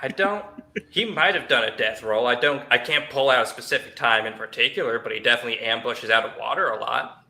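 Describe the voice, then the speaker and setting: A man's voice: medium pitch, a little fast, vocal fry, sharp tone. A man from Southeast Missouri co-hosting a podcast, explaining at length in a laid-back, chatty way. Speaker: podcast co-host. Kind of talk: casual chat.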